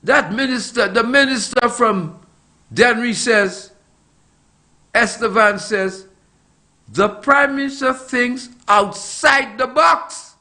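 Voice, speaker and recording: A man's voice: extremely high pitch, slow pace, bright, forceful tone. A middle-aged man giving impassioned political commentary, firing off emphatic rhetorical questions and repeating his points.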